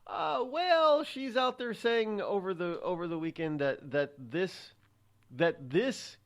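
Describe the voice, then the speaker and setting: Sarcastic male talk radio host. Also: fairly high pitch. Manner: sarcastic, rambling with frequent restarts. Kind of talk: opinionated talk radio monologue.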